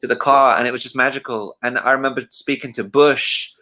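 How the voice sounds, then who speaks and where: Bright-voiced man telling a rambling story. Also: medium pitch, brisk. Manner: rambling, many fillers and restarts, animated when quoting. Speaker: livestream host. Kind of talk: casual storytelling on a livestream.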